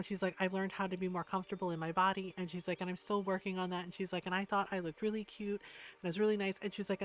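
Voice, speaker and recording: A woman streamer in casual chat, ranting heatedly with lots of swearing and frequent "like" and "right?". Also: medium pitch.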